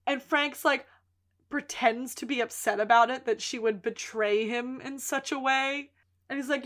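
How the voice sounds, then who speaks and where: Bright-voiced woman recapping with gusto. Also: high-pitched, unhurried. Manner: animated storytelling, acting out characters' lines. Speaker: podcast co-host recapping a TV series. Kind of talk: casual chat.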